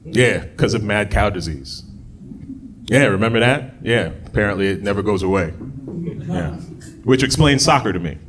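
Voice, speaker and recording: A man's voice: on the low side, lively intonation, moderate pace, pauses often, background noise. A man performing a stand-up comedy set on a club stage into a handheld mic, chatty and laughing at his own jokes. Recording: live club with audience crowd.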